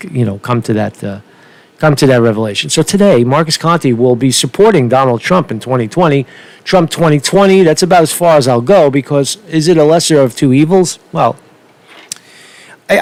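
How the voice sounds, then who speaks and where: A man talks in a loose, rambling opinion rant, full of restarts and swearing. His voice sits a little higher than most men's. The sound is dry and close, with no room around it. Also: darkish tone, dry recording. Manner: rambling, profane, with many restarts. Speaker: political vlogger.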